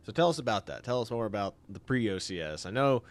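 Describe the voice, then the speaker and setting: Brief: man, interviewer, lively pitch swings, relaxed chat. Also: fast. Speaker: interviewer, fellow officer candidate.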